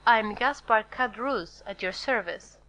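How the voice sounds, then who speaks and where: A woman's voice: medium pitch, bright, forceful tone, rough recording. A woman reading as a fawning male innkeeper. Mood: eager. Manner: effusive, apologetic, hurried. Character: fawning middle-aged male innkeeper, eager to please. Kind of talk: audiobook character reading.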